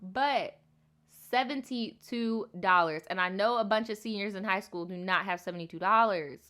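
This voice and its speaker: A woman's voice: medium pitch, moderate pace, sharp tone. A woman hosting a casual livestream storytime, reading viewer stories and adding sassy, profane, slang-filled commentary.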